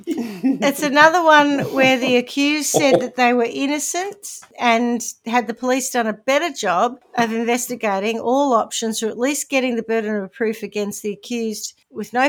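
Kiwi woman, podcast co-host, animated storyteller with a slightly high voice, wry and chatty. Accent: New Zealand. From New Zealand. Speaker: podcast co-host presenting the case. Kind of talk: casual chat.

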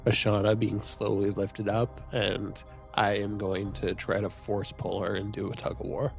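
A man's voice: on the low side, completely flat delivery, moderate pace, creaky, soft background music. A man playing in a tabletop game, thinking aloud and hesitating over his moves. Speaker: player. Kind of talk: casual tabletop play.

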